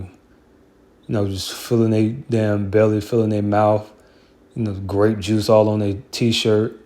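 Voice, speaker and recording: Mellow-voiced man ranting over scripture. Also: on the low side, little pitch movement, unhurried. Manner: heated, profane, rambling with many fillers. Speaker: Bible commentator. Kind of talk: casual scripture commentary.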